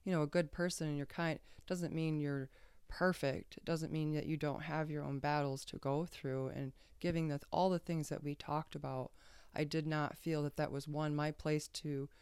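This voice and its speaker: A woman's voice: sits low, fairly even intonation, normal speed, darkish tone, smooth, dry recording, studio quality. A woman guest on a podcast telling a personal story casually, rambling and hesitant with many fillers and restarts.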